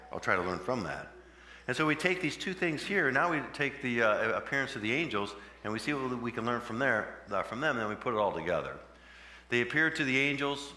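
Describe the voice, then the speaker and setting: A man preaching a sermon in a conversational way, with sudden loud emphatic bursts, recorded in a church. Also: medium pitch. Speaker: pastor. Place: church sanctuary. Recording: echoey church hall with long reverb, faint hum.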